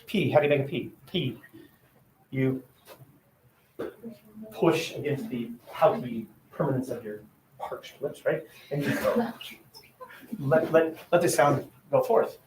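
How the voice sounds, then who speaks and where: A man's voice: medium pitch, takes it slowly, long pauses, noisy background. A man teaching an English class, sounding out letters aloud and quizzing his students as he goes. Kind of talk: classroom lecture. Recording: roomy classroom echo.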